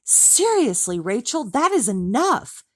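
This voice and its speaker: A woman's voice: lowish voice, expressive, moderate pace, no room sound, studio quality. A woman reading an audiobook, voicing an angry, exasperated man who snaps at his ex-wife. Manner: furious, exasperated, snapping.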